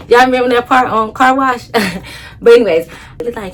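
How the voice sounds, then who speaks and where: Animated woman telling a storytime. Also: a little high, a little fast, pauses often, slight background noise. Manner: animated, emphatic, blunt with heavy swearing. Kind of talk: casual storytime.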